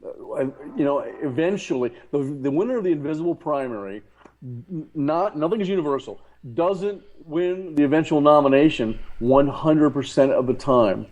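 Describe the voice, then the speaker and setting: A man discussing politics as a talk show guest, halting and repeating words, then pressing his points hard. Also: fairly high pitch, expressive, darkish tone, low-quality recording. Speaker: guest commentator.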